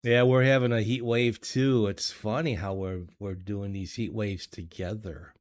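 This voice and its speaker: An older American man hosts a casual livestream chat from his home streaming studio, reading chat into a desk microphone. His fairly low voice is steady and unhurried; he talks hesitantly, repeats words, and chuckles often, in a dry, studio-quality recording.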